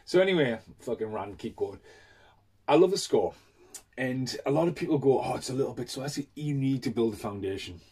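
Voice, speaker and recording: A man's voice: medium pitch, animated, moderate pace, darkish tone, slightly rough. A man, chatting casually through a movie unboxing in a swear-filled, enthusiastic, rambling rant. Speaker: film collector reviewing a Blu-ray.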